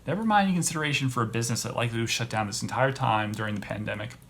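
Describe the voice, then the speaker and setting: A man hosting a podcast who rants in a casual comedic way, rambling and halting with many restarts. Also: medium pitch, a bit bright, a little hiss or hum. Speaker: podcast host.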